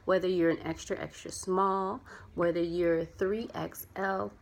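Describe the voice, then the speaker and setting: A woman's voice: fairly low pitch, fairly even intonation, measured pace, creaky. A chatty, earnest young adult woman talking casually in a heartfelt vlog, rambling a little as she explains why she sells clothing. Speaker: vlogger and clothing seller.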